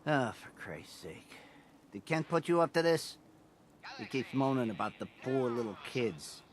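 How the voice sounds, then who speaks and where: A man's voice: medium pitch, big pitch swings, measured pace. A man voicing a mocking, brash small-time drug-dealing thug.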